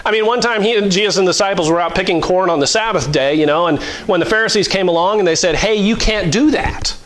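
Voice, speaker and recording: A man's voice: high-pitched, quick pace, fairly bright tone, rough recording. A middle-aged male pastor preaching a sermon in a conversational way, with mock-voiced asides and chuckles.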